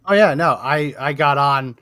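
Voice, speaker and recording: A man's voice: on the high side, moderate pace, pushed and bright, clear, resonant tone, dry recording. A man co-hosting a talk show, chatting in an easygoing way. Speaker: co-host. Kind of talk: casual talk show chat.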